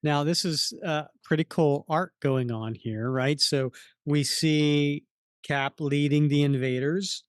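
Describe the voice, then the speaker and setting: Slow-talking, higher-voiced man co-hosting. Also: steady tone, clean tone, no room sound, clean studio sound. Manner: unhurried, walks through panels with many fillers. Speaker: podcast co-host. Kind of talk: casual comic book discussion.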